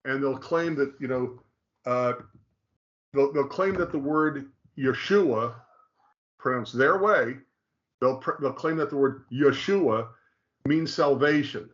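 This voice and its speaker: Man, mid pitch, emphatic conversational teacher, restates points and keeps checking "okay?", slightly muffled recording. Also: unhurried, a bit bright. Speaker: teacher explaining Hebrew.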